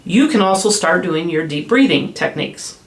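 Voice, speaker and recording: A woman specialist in children's behavior explaining calming strategies in a podcast interview, slowing down gently when she models soothing phrases. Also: lowish voice, slight background noise. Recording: echoey room with faint ambience.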